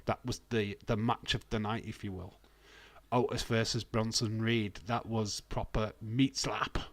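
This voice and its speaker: A man's voice: fairly low pitch, level tone, measured pace, no room sound. A Welsh man from Wales, hosting a wrestling watch-along stream with rambling, jokey, sweary casual commentary on a close mic.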